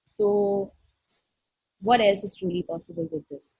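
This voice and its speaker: A woman's voice: mid-range voice, unhurried, vocal fry, dark tone, breathy edge, no room sound. A woman facilitator giving an effusive, earnest online workshop talk over a video call, often acting out little dialogues. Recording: dull dry video-call audio.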